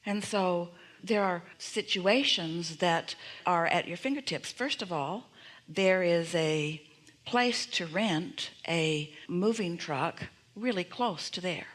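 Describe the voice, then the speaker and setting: A woman's voice: lowish voice, takes it slowly, fairly bright tone. Emphatic woman teaching a seminar. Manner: speaks as "we", emphatic repeated affirmations, rhetorical questions. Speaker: seminar speaker. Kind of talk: motivational teaching to an audience.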